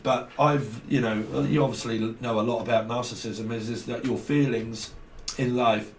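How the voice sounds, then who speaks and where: Blunt male tarot reader, swears a lot, repeats himself, mid pitch, roomy and off-mic with faint noise. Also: steady tone, moderate pace, distant mic. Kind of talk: casual tarot reading to camera.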